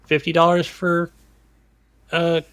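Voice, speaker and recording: Man, a bit high-pitched, laid-back casual chat, agreeable, swears now and then. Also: completely flat delivery, takes it slowly, a bit bright, clear, resonant tone. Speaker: podcast co-host.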